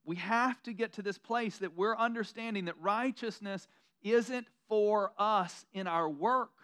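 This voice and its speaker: Delivering a sermon, a male pastor talks casually and pokes fun at himself, dropping into mocking quotes along the way. He sounds high-pitched, a little slow, with a sharp yet smooth tone.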